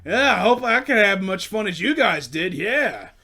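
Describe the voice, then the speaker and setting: A man's voice: high voice, sing-song, normal speed, bright, forceful tone, pitched above the performer's own voice, full character voice. A young man mimicking an overeager man of about sixty, fawning over people coming off a ride. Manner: gushing, fawning. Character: chatty overeager older man in a queue.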